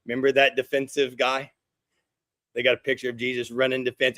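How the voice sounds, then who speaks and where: A middle-aged pastor preaching a sermon, animated and conversational, slipping into quoted voices with gasps and hushed asides. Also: male voice, mid-range voice, fairly quick, no echo, studio quality.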